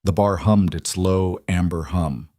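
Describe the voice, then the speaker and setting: A man giving steady, unhurried scripted narration of a romance story. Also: low voice, no echo, clean studio sound.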